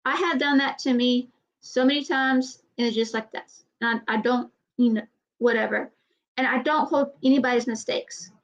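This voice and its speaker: High-voiced rambling woman vlogger. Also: highs cut off. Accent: Southern US. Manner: rambling, candid and blunt. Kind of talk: casual chat.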